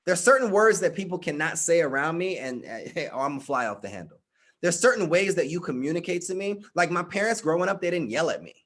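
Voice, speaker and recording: Middle-aged guy, fairly high voice, preaching life lessons to a group, punchy and repetitive. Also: big pitch swings, quick pace, fairly bright tone. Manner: emphatic, repeats points and addresses listeners by name. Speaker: life coach speaking to a live group. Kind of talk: motivational talk with audience.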